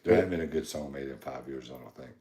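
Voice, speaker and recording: A man's voice: a bass voice, fast, gravelly, warm tone, roomy sound. A man with a Southern accent from North Carolina, co-hosting a podcast in casual chat, rambling with many fillers. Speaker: podcast co-host.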